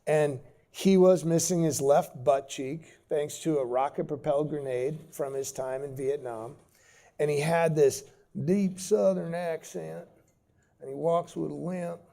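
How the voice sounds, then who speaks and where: A man speaking as a guest, recounting an anecdote with animated energy. His voice sits fairly high but has a dark, mellow tone. He tells stories with plenty of pauses and restarts. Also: gravelly. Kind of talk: storytelling talk.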